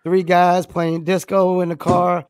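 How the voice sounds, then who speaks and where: A man hosting a casual podcast, hoarse from losing his voice, laid-back as he wraps up the show. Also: high-pitched, monotone, a little slow, slight background noise. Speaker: podcast host.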